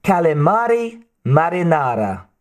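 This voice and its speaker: A man's voice: fairly high pitch, lively intonation, moderate pace, a little mellow, voice pushed up. A man reading an audiobook, voicing a chirpy young woman crew member. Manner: chirpy, announcing.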